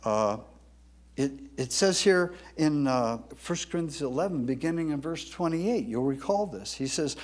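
A male pastor delivering a sermon in a fairly high voice with a very lively, swooping pitch. He rises to booming emphasis for quoted lines, then drops back to a halting, filler-heavy chat with his congregation. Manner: animated, booming when quoting scripture, halting with many fillers.

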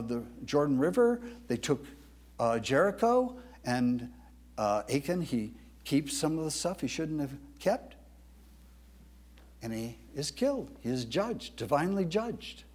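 Animated male pastor preaching a sermon. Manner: animated, booming when quoting scripture, halting with many fillers.

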